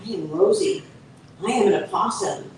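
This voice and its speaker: A woman's voice: mid-range voice, moderate pace, a little mellow, slight background noise, lightly acted. Woman reading as a timid opossum girl, storybook, roomy hall, far mic. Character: shy female opossum who plays dead. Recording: echoey event hall from far off.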